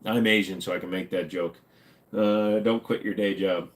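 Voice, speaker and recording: A man's voice: sits low, fairly even intonation, normal speed. A retired man from the United States, hosting a casual livestream, joking while reading chat aloud. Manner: joking, reading chat, slipping into silly voices. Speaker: livestream host.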